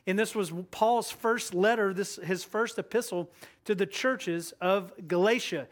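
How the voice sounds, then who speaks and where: A man's voice: sits high, fairly bright tone. A man preaching a sermon as guest pastor, earnest and eager, often restarting his sentences. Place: church sanctuary.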